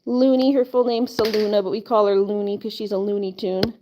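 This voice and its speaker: A livestream host chats from indoors at home through a phone or webcam, rambling with lots of "like," little laughs, and cooing at her pets. She has a mid-range voice with flat, brisk delivery over background noise.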